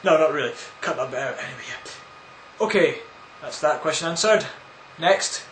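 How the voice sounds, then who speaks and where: A man rambles through viewer questions in a casual vlog, tossing out crude, absurd jokes. His voice sits a little high for a man. The room gives it a noticeable echo, with a faint hiss underneath. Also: lively intonation, moderate pace, a bit bright. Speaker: vlogger answering viewer questions. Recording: echoey room.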